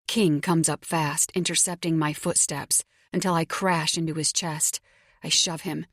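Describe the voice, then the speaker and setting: A woman giving steady, intimate first-person narration of a romance audiobook. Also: low voice, normal speed, no echo, clean studio sound.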